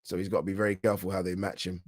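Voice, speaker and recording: A man with a British accent giving casual live commentary on a boxing match for his channel, chatty and quick to react, often restarting his words. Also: low voice, level tone. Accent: British English. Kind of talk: live watch-along fight commentary.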